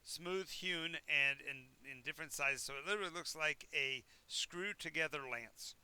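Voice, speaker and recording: A man's voice: fairly high pitch, normal speed, bright, forceful tone, clean tone. A man narrating a tabletop game as game master, describing scenes in a rambling, self-correcting way.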